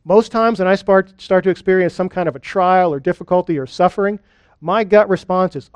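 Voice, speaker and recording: Guy pastor preaching, fairly high voice, dry close sound, talks to the room like a friend. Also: dry recording. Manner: earnest, conversational preaching with deliberate pauses and lists. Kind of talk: sermon. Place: church.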